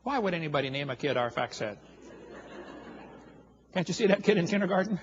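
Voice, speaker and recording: A man's voice: fairly high pitch, lively intonation, a little fast, pauses often, muffled recording, background noise. A man giving a humorous lecture to an audience, telling stories in a folksy, joking way. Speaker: creationist speaker.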